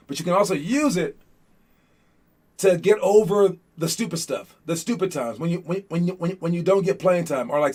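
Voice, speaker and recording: A man's voice: high-pitched, darkish tone. A young man coaching young basketball players in a casual, rambling motivational talk full of fillers and restarts.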